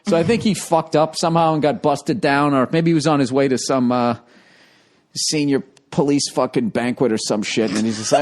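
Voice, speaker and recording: A man's voice: mid-range voice, fairly quick. A man hosting a podcast, telling a story in a casual, profane, comic way. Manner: profane, animated, breaks into laughter. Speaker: podcast host.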